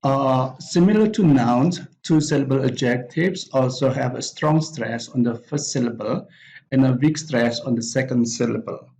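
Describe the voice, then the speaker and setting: A man teaching an English pronunciation lesson, reading out example words one by one with pauses between them. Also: medium pitch, darkish tone, highs cut off. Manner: deliberate, pausing after each example word. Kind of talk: slow spoken lesson reading word lists.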